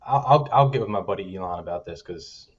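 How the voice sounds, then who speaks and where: A man's voice: deep voice, expressive, brisk, muffled recording, noisy background. A man co-hosting a podcast, chatting casually with dry jokes. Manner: dry joking. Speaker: podcast co-host. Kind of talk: casual chat.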